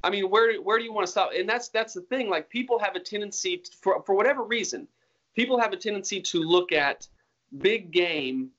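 A man's voice: sits high, fairly quick, a bit bright, lo-fi sound. A man being interviewed about hunting, talking in an earnest, rambling way with many restarts. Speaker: hunter guest. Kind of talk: casual interview talk.

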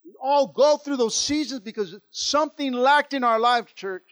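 A man preaching a sermon as pastor, impassioned, dropping soft and then building loud, often repeating words. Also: extremely high pitch, normal speed, low-quality recording. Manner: repeats words and restarts phrases.

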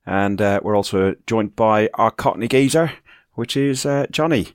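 A man hosting a podcast in casual chat, chatty and quick to laugh, swearing freely. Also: on the low side, no room sound, clean studio sound. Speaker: podcast host.

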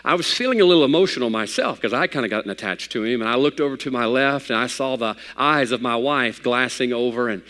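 A man's voice: mid-range voice, lively intonation, quick pace, hardly any pauses, bright, forceful tone. A man preaching a sermon as pastor, moving between folksy storytelling and emphatic preaching. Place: church hall. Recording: long hall reverb.

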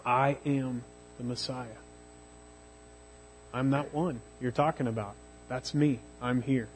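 A man preacher voicing a gentle, kind savior figure, speaking softly, slowly and hushed. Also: medium pitch, fairly even intonation, slight background noise, pitched below the performer's own voice, lightly acted, poor audio. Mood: tender. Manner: soft, slow, hushed.

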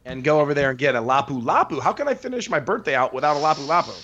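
Upbeat podcast co-host, dull sound. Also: male voice, fairly high pitch, lively intonation, racing, a bit bright. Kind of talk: casual podcast chat.

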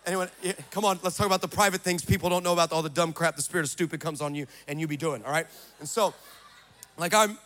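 A man preaching a sermon, telling a story with comic asides and building to shouted exhortation. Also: on the high side, fast talker.

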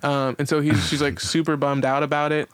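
Man, podcast co-host, casual rambling storyteller, smooth clear voice, fairly high, dry close sound. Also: flat delivery, fairly quick, no echo. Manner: rambling storyteller, many fillers, cursing. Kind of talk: casual chat. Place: podcast recording setup.

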